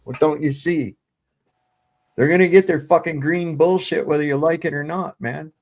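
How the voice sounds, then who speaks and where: A man's voice: fairly high pitch, steady tone, moderate pace, darkish tone. A man ranting sarcastically on a panel in casual chat, swearing freely.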